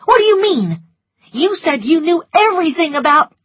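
A woman's voice: very high voice, very animated, a little slow, no room sound, voice pushed up, exaggerated voice. A woman doing a headstrong, commanding young Southern belle. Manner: sharp, commanding. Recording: slightly muffled lo-fi, dry.

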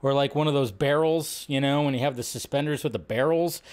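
A man hosting a casual livestream, chatting and rambling about film news, now and then shouting out quoted lines. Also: mid-range voice, brisk, clean tone. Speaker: livestream host.

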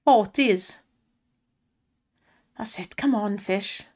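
An excitable woman commenting on slot spins and cheering the reels on, her voice strained from shouting. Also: medium pitch, drawn-out words. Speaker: slot streamer.

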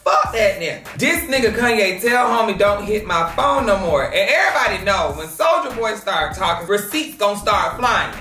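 Woman gossip host, bright lively voice, loud and laughing, echoey room with music behind. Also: mid-range voice, moderate pace, few pauses, far from the mic. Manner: loud, laughing, swearing, shouting. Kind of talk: loud casual gossip commentary.

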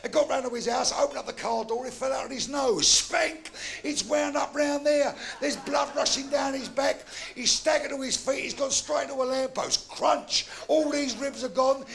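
An older man with a Cockney accent telling bawdy jokes on stage, spinning animated yarns with shouted sound effects. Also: extremely high pitch, normal speed, vocal fry, few pauses. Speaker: stand-up comedian. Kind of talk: live stand-up storytelling. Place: live comedy venue.

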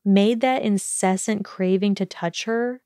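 A woman narrates a fan fiction audiobook at a slow, measured pace, in a mid-range voice. The recording is dry and close, with no echo at all. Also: mid-range voice, dark tone, smooth.

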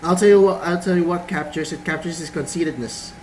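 A man's voice: a little high, fast, darkish tone, slight background noise, poor audio. A man giving casual, playful commentary while playing a game, musing to himself and reading game text aloud. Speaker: let's play host. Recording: voice over game music.

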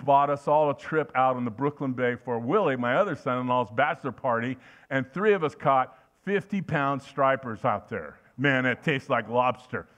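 A man's voice: mid-range voice, moderate pace, fairly bright tone. An older man preaching a sermon in a folksy, anecdotal way, telling stories with frequent restarts.

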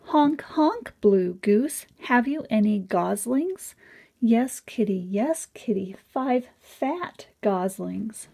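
A woman's voice: medium pitch, expressive, takes it slowly, vocal fry, dark tone, husky. A woman reading a children's picture book aloud in a sing-song way, lifting her voice on each animal sound.

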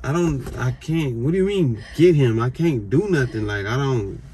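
A man's voice: mid-range voice, expressive, normal speed, warm tone. A flustered young man who keeps repeating himself in a frantic, casual way. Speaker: boyfriend in prank video.

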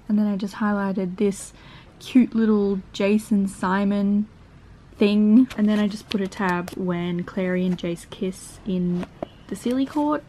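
A young woman with an Australian accent chatting casually in a book vlog, animated and laughing often. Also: mid-range voice, unhurried, slight background noise. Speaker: book vlogger. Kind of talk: casual reading vlog chat.

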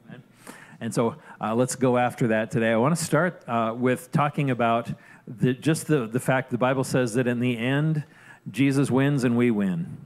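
A man preaching a sermon in a loose, conversational manner. His voice sits at a middle pitch, and he keeps checking in with his listeners as he goes. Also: normal speed. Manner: conversational, frequent "right?" asides and restarts. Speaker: pastor.

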